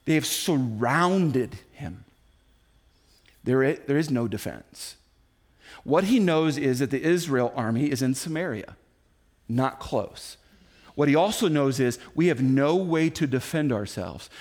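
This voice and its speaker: A man in his forties preaching a sermon, telling the story in an animated way and acting out the quotes himself. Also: mid-range voice, measured pace. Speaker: pastor.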